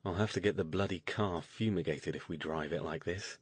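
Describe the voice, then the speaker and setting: A weary mage with a low, dry, clipped delivery, as a male narrator puts him on. He sounds irritable and sardonic, close to the mic with no room sound. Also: brisk, husky, dry recording.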